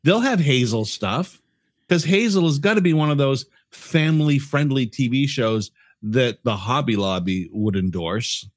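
A man's voice: mid-range voice, animated, unhurried, dry recording. A man co-hosting a podcast in casual chat, joking and teasing, often stumbling and restarting his sentences. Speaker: podcast co-host.

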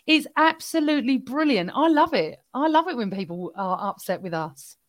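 Woman, podcast host, slightly high voice, upbeat and teasing. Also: lively intonation, moderate pace. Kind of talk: casual chat.

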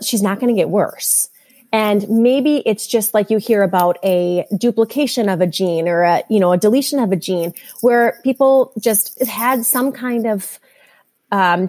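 A woman's voice: mid-range voice, darkish tone. A woman in her thirties, a mother and podcast guest, telling her story candidly and animatedly in a casual chat.

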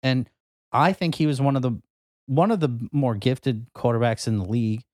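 A man's voice: mid-range voice, lively intonation, normal speed, darkish tone, dry recording. Laid-back young male co-host, dry sound. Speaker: podcast co-host. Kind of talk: casual chat.

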